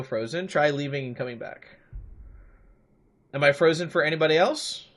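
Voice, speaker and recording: A young man streaming a game live, chatty, thanking viewers and talking through choices. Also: mid-range voice. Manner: chatty, reads and thanks chat. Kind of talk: live gameplay commentary.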